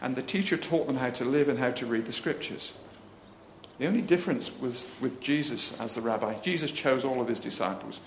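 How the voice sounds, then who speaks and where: A man's voice: mid-range voice, a little fast, slight background noise. A man preaching a chatty, jokey sermon, laughing often and acting out the voices in the story. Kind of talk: lively sermon. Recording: echoey room with faint ambience.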